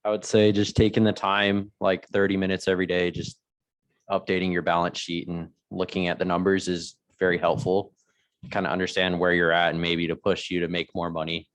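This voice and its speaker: A man's voice: low voice, flat delivery, a little fast, no echo. A man in a team meeting giving a plain, matter-of-fact tip. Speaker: team member. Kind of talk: casual group discussion.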